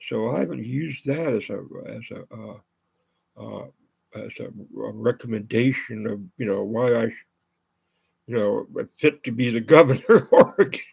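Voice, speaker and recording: A man's voice: mid-range voice, moderate pace, gravelly, darkish tone, breathy edge. An older American man hosting his own show, talking in a rambling monologue full of fillers and restarts. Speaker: show host.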